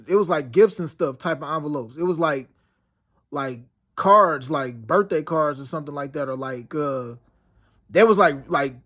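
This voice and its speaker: A man's voice: a little high, a bit bright. A man in his thirties telling a long, meandering story in a casual monologue, heavy on slang, fillers and restarts. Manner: slangy, peppered with "yo" and "you know what I'm saying". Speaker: vlogger recounting dreams and past events.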